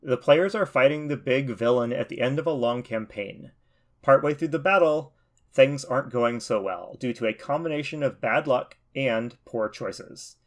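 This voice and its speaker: A man's voice: medium pitch, normal speed. Wry man hosting a podcast. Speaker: podcast host. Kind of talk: casual podcast chat, quizzing co-hosts.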